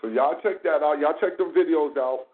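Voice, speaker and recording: A man hosting a casual commentary chat, animated and profane, full of rhetorical questions. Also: fairly high pitch, normal speed, a little hiss or hum. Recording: tinny phone-like sound in an echoey room.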